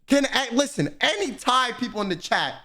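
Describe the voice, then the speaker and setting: Young guy streamer, profane animated storyteller, bright high pitch, very lively delivery. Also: moderate pace. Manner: animated ranting storytelling, heavy swearing. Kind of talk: casual chat to stream chat.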